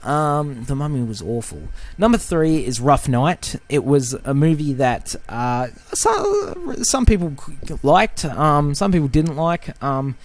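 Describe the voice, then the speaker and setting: A man's voice: fairly high pitch, very animated, unhurried, few pauses. Profane, rambling man ranting on a podcast. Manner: profane, rambling, heated, with many fillers and restarts. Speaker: podcast host. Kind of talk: casual film-review rant.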